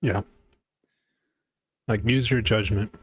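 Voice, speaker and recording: Low-voiced laid-back male co-host. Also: fairly even intonation, takes it slowly, slightly rough. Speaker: podcast co-host. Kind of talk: casual chat.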